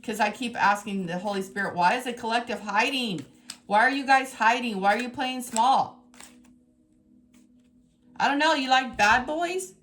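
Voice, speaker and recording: A tarot reader gives a reading to her viewers, emphatic and exasperated, swinging between scolding and excitement. Her voice is on the high side at a moderate pace, with long pauses and faint music in the background.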